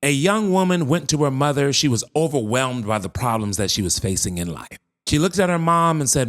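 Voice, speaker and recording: A male motivational speaker delivers an encouraging message with slow, weighty emphasis. He pauses for drama, and his pitch rises and falls widely. He speaks directly to his listener. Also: animated, fairly bright tone. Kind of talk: motivational speech.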